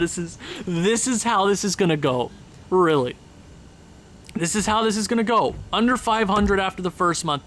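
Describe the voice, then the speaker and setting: A young man commentating his hockey franchise game, sarcastic and exasperated, with loud frustrated outbursts. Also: high-pitched, slight background noise. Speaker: gaming YouTuber. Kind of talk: franchise mode gameplay commentary.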